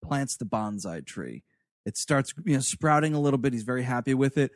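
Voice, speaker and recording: A man co-hosting a comedy movie review podcast, talking fast and profanely and slipping into put-on voices. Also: mid-range voice, lively intonation, dry recording, clean studio sound. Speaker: podcast co-host.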